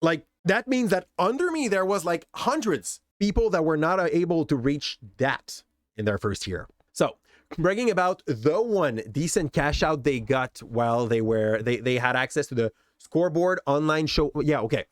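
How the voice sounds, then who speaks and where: Guy ranting about his past, pitch jumps all over, kinda high, dead dry mic. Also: expressive, moderate pace, no room sound. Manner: candid, exasperated storytelling. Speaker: content creator. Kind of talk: personal story vlog.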